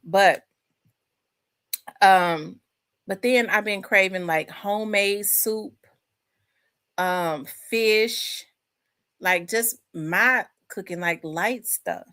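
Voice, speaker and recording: A woman's voice: medium pitch, extremely slow, pauses often, a bit bright. A woman hosting a casual live chat from home, rambling and talking to her viewers. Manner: chatty, rambling, addresses viewers as y'all. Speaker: host.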